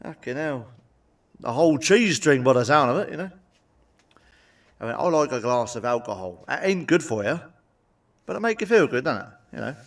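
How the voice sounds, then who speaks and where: A man rattles off sweary stand-up gags in a blunt, cheeky manner. His voice sits in a middle pitch and comes across a little distant from the microphone. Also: very animated, moderate pace, long pauses. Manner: blunt, sweary, cheeky jokes with tag questions. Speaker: stand-up comedian. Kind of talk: stand-up joke monologue.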